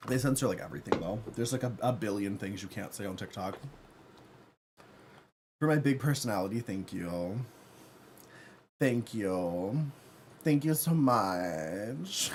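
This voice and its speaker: Campy male streamer, lively pitch, unhurried and playful, faint noise behind. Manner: campy, playful, reads chat aloud; laughs often, yells when excited. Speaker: livestreamer. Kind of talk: casual livestream chat while gaming.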